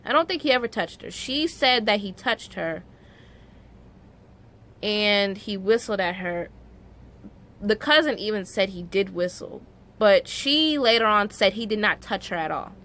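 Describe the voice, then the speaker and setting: A woman's voice: medium pitch, lively intonation, measured pace, long pauses, fairly bright tone. A young woman vlogger telling a story in a casual, emotional way, full of "like" fillers and growing indignation.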